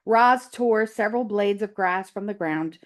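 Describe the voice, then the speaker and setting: A woman teacher reads a children's novel aloud at a slow, careful pace. Her storytelling is expressive, with lively emphasis on the narration. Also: medium pitch.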